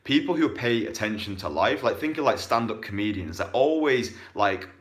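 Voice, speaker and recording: Young man, lower register, profane and blunt, casual coaching delivery. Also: lively intonation, fairly bright tone. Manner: blunt and profane, with bursts of fast talk. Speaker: dating coach.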